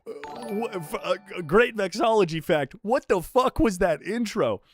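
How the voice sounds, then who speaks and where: A man's voice: sits high, lively intonation, measured pace, soft background music. A young man streaming live, bantering with chat in a joking, profane way.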